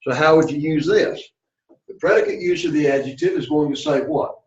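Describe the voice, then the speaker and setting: A man's voice: a little high, wildly swooping pitch, a little fast. A man teaching a Greek class, explaining at length and often checking in with "okay" and "all right.". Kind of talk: classroom lecture. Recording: echoey classroom, dull lo-fi sound.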